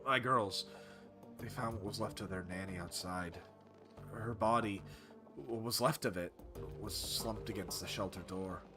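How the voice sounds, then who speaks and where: Male streamer doing a broken middle-aged survivor, hushed and halting. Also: lowish voice, over music. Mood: haunted, hushed.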